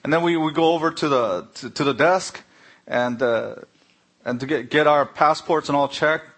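Pastor telling stories. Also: male voice, a little high, normal speed. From Korea. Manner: anecdotal, animated when acting out dialogue. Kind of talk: sermon with storytelling.

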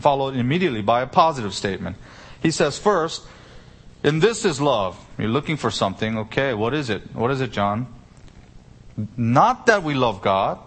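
A man preaching an expository sermon, stressing key words with sudden lifts and asking rhetorical questions. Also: medium pitch. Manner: explains Greek grammar with rhetorical questions. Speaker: pastor.

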